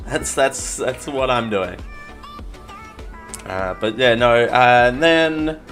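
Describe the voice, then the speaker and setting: Rambling Australian podcast host. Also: male voice, mid-range voice, slow, a bit bright, soft background music. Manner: rambling, self-mocking, many restarts. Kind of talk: casual live-show chat.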